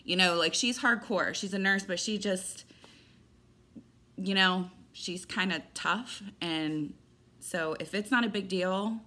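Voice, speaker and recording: A woman's voice: mid-range voice, slow pace, bright, forceful tone. A woman vlogging from home in a casual chatty way, rambling with lots of fillers and restarts. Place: indoors at home.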